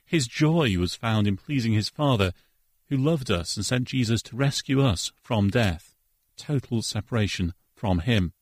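A man with a husky, lowish voice gives an earnest devotional talk for the radio. He speaks in a preacherly way and quotes verses, and the studio sound is dry. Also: animated, measured pace, no echo. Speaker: radio co-host.

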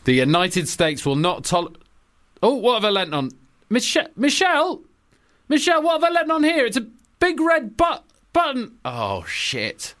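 A man's voice: extremely high pitch, huge pitch swings, unhurried, a bit bright, voice pushed up, exaggerated voice. A man voicing a chatty male American president on a phone call in a comic radio sketch, breezy and matey. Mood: flustered. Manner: breezy and matey, growing panicky.

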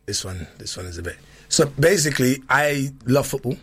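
A man's voice: mid-range voice, sing-song, moderate pace, a bit bright, breathy edge, no room sound. A man, telling playful stories in casual chat with many restarts. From London. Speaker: guest. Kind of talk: casual storytelling.

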